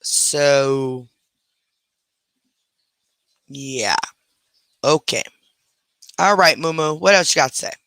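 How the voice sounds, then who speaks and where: A woman's voice: low voice, lively intonation, very slow, long pauses, a bit bright, dry recording. A woman hosting a livestream, reacting defensively and with sass to a critic. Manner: defensive, sassy, chatty. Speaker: livestream host.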